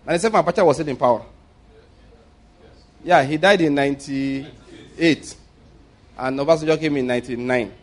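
Middle-aged Nigerian preacher, slightly high voice, storytelling sermon, loud points then quiet asides. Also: male voice, moderate pace, pauses often. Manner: anecdotal, swings between loud emphasis and quiet asides.

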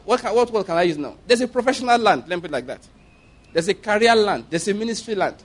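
A man's voice: sits high, lively intonation, fast talker. A man with a Nigerian English accent preaching a sermon, telling stories emphatically and often breaking into laughter.

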